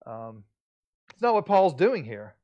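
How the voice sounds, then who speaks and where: A middle-aged man preaching from the pulpit with a slightly high-pitched voice. He speaks earnestly and emphatically, stumbling into restarts and pressing harder on key words. His delivery swells toward the lines he most wants to land. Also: big pitch swings, a little slow, warm tone, dry recording. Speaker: pastor. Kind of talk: sermon.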